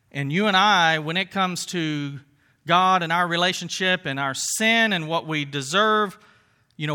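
A man's voice: fairly high pitch, bright, forceful tone. A man preaching a sermon as pastor, talking conversationally and piling up rhetorical questions.

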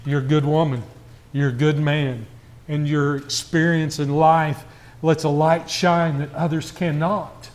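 A man preaching a conversational sermon to a church congregation, asking rhetorical questions and swinging from quiet asides to raised, emphatic passages. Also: a little high, flat delivery, unhurried.

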